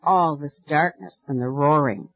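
A man's voice: a little high, a little slow, no echo. Guy reading as a scared young fella, trembly and ashamed, storybook, dull dry sound. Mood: frightened. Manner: trembling, awed, half whispering. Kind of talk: audiobook storytelling.

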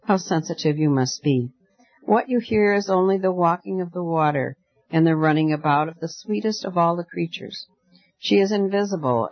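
A man voicing a gentle, wondering young girl in an audiobook story, speaking softly and tenderly. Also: a little high, no room sound, lo-fi sound. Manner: soft, tender and kindly.

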